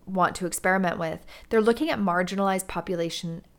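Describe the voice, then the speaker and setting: A woman from Canada, a drama teacher, giving a measured and earnest talk about teaching and student relationships. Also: fairly low pitch.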